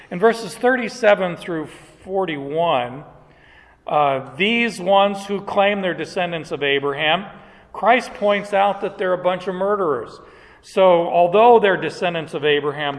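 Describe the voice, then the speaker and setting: A man with a high voice preaches slowly and emphatically through a passage, verse by verse. His words ring with a long reverb. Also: a bit bright. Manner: emphatic, deliberate verse-by-verse teaching. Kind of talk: expository sermon.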